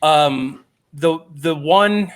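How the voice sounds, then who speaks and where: A man's voice: on the high side, extremely slow. A man telling convention stories in a casual chat, self-deprecating, with many fillers and acted-out quotes. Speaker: guest comic artist.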